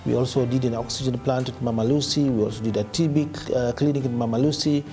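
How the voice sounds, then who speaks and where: A man, a county official, reporting on hospital projects in halting speech full of pauses and fillers. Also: mid-range voice, fairly even intonation, warm tone, soft background music.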